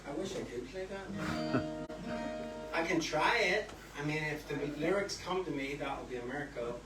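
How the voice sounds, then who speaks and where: A man's voice: a little high, normal speed. A middle-aged man, a singer-songwriter joking easygoingly with the crowd between songs at a live concert. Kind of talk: chatty banter between songs. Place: barn concert venue, indoors. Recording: echoey live room, distant mic, guitar. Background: acoustic guitar.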